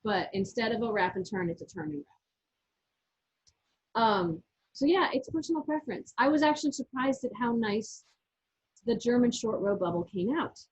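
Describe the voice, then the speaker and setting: Her voice is on the high side, animated and husky, moving at a normal speed with frequent pauses. She co-hosts a casual knitting chat from her yarn shop, chattily walking through techniques step by step with restarts, on muffled lo-fi audio.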